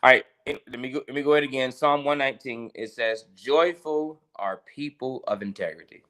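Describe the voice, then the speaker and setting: A male pastor speaks at an everyday pitch, leading a relaxed livestream devotional. He keeps a chatty, conversational tone and breaks off to greet viewers by name. He repeats his key lines slowly for emphasis. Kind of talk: casual livestream devotional sermon.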